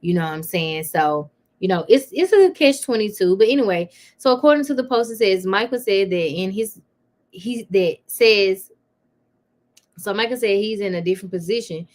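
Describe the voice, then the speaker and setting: A woman's voice: mid-range voice, expressive, normal speed, a little mellow. A woman hosting a live celebrity gossip stream, chatting casually and calling her viewers y'all, with plenty of fillers.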